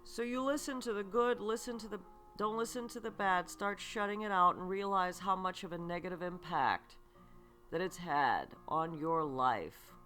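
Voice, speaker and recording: A woman hosting a spiritual self-help podcast, speaking slowly and earnestly, asking the listener rhetorical questions and checking in with "okay". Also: fairly low pitch, fairly bright tone, faint music behind. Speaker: podcast host and psychic reader.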